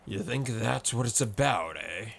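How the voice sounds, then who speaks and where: A man's voice: mid-range voice, animated, unhurried, gravelly, a bit bright, slight background noise. A man voicing a boisterous male sea colonel who talks with roaring passion. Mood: impassioned. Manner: roaring, impassioned.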